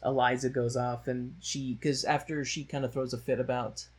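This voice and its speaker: A man's voice: medium pitch, flat delivery, normal speed, breathy edge. A man chatting casually about a movie he watched, rambling along with frequent laughs and a sardonic edge. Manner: rambling, laughs often, slips into mocking voices for quotes. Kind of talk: casual chat, movie discussion.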